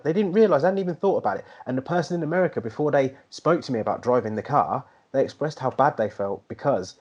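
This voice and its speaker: A man's voice: mid-range voice, darkish tone, slightly rough. A man from the UK co-hosting a casual chat podcast, talking in an earnest, reflective way with many fillers. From United Kingdom. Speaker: podcast co-host.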